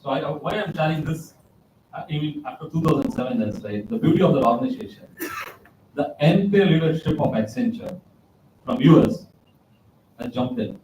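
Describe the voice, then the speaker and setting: A man gives a motivational talk, telling stories and driving points home by repeating them. His voice sits a bit higher than most men's. It is picked up from a distance in a roomy, echoing hall with a faint hum of ambience. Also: normal speed, pauses often, warm tone. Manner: anecdotal, repeats key phrases for emphasis. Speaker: guest speaker.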